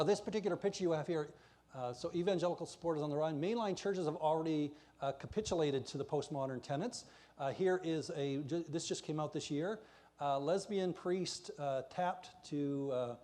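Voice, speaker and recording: A man's voice: a little high, dark tone. A man preaching a passionate, emphatic sermon in a church while pointing to slides.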